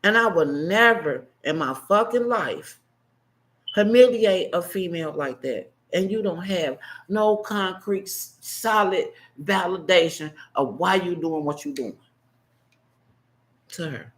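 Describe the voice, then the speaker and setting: A man in his fifties delivering an unscripted, emotional monologue as a vlogger, blunt and impassioned, swinging between heated outbursts and hushed, choked-up asides. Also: sits high, unhurried, poor audio. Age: 50s.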